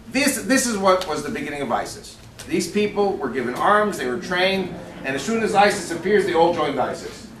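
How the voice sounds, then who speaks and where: A male guest speaker with a fairly high, fairly bright voice gives a joke-filled lecture to a club audience in the banquet room of a shooting sports store. He's punchy, emphatic, and conversational, speaking straight to the crowd and asking them questions. A distant mic picks him up in the echoey room, with faint ambience and slight background noise behind him.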